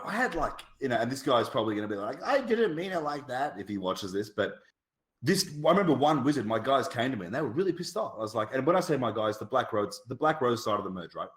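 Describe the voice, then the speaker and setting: A man's voice: medium pitch, a bit bright, roomy sound. An Australian man telling stories in casual podcast chat, swearing freely and laughing often. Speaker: podcast guest, guild shot caller.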